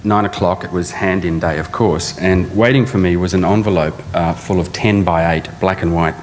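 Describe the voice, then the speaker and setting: A man's voice: low-pitched, fairly even intonation, normal speed. A middle-aged man, an architect, introducing a speaker with dry, anecdotal stories, now and then putting on an accent. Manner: dry storytelling with occasional accent impressions. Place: large lecture theatre. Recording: long reverb in a large lecture hall, faint hum.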